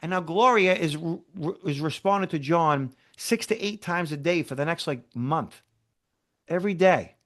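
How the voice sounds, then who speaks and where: A man appears as a cybersecurity expert guest in an interview, telling a story animatedly, acting out dialogue and checking in with "okay?" and "right?". His voice is fairly high and his pace moderate.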